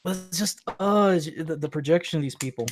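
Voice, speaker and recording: A man's voice: a little high, fairly quick, slight background noise. Crude, mocking man ranting on a call. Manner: crude, mocking, animated rants. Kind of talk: casual ranting chat.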